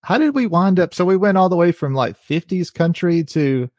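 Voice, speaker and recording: A man hosting a casual interview, interjecting with quick questions. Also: high-pitched, animated, a little mellow, dry recording, studio quality. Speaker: podcast host.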